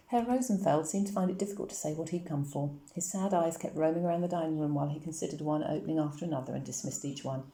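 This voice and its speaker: A woman reading a children's novel aloud in a calm, measured storytelling manner, in an echoey room. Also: low-pitched. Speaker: reader.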